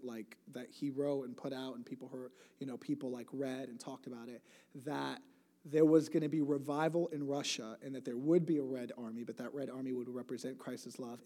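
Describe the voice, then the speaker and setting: A man in his late twenties gives a church talk, telling stories in a rambling, conversational style, often breaking off mid-sentence and slipping in humor. His voice is warm and mid-range, and a long hall reverb trails the recording.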